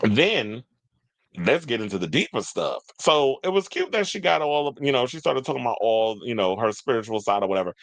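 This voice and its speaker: A man's voice: medium pitch, big pitch swings, brisk, no echo. A man giving casual, opinionated celebrity news commentary, chatty and full of rambling asides. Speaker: entertainment commentator.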